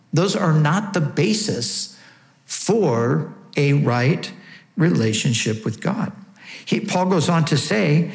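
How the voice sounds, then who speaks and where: A man preaching a sermon, emphatic and asking rhetorical questions, slowing down on key words. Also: a little high, roomy sound. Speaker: pastor.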